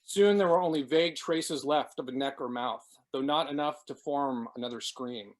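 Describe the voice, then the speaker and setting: A man, the author, reading his novel aloud in a steady, measured way. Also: mid-range voice. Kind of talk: dramatic book reading.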